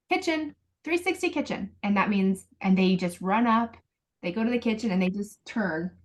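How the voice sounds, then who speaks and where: A woman's voice: mid-range voice, a little mellow. A woman parenting coach on a video call, patiently explaining step by step and acting out sample phrases.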